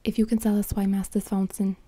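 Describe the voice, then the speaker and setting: A woman's voice: mid-range voice, level tone, a little fast, warm tone, husky, dry recording, close to an everyday voice. Woman whispering as a Liverpool watchman, whispered role-play. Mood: curious. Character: male town watchman, curious.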